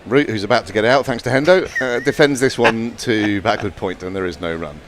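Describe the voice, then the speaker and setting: A middle-aged man giving live ball-by-ball cricket commentary, dry and wry, with quick asides. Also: on the low side, a bit bright.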